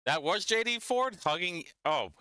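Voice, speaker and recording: A man's voice: high-pitched, very animated, moderate pace, sharp tone, clear, resonant tone, no echo. A man hosting a casual live watch-along stream, talking in a chatty, mocking, rambling way.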